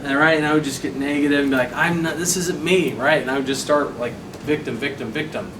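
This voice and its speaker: A young man with a fairly high voice tells a motivational story to a sales team, acting out what he said back then with lively energy. The sound is roomy and echoing, picked up from a distance. A noisy background runs throughout. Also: fast. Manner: animated storytelling, acting out his own quotes. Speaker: sales trainer presenting to a team. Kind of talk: motivational training talk. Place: meeting room. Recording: echoey room, mic far off, noisy.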